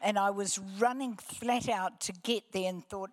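Older kiwi lady preaching, earnest storytelling, goes soft and hushed, takes her time. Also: medium pitch, steady tone, unhurried, in a large hall. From New Zealand. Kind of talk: testimony sermon.

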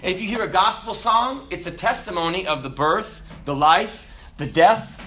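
A man preaching a sermon, emphatic and animated, with dramatic pauses. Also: high-pitched, slight background noise.

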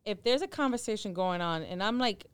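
A woman co-hosting a podcast in casual chat, telling stories in an animated, blunt and profane way. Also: medium pitch, fairly quick, clean tone, dry recording. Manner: animated storyteller, acts out both sides of a quarrel. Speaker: podcast co-host.

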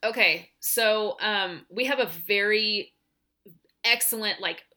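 A middle-aged woman, a teacher co-hosting a podcast, telling a story in casual chat with lively animation and plenty of swearing. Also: mid-range voice, slow.

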